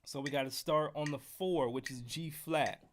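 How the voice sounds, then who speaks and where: A man's voice: fairly high pitch, moderate pace, slight background noise. An American man teaching trumpet scales on a live stream, casual and joking with the chat. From United States. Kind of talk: live-streamed music lesson.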